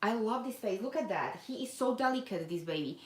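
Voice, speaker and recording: A doll collector hosts a casual unboxing live stream in an echoey room, her mid-range, darkish voice animated and brisk. Chatty and full of fillers, she reads viewer comments aloud.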